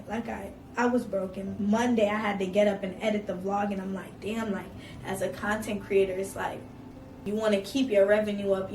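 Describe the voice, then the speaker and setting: A young woman content creator telling a personal story, talking fast and saying "like" constantly. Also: mid-range voice. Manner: fast, filler-heavy, says "like" constantly. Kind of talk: emotional storytime vlog. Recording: roomy, distant mic with background noise.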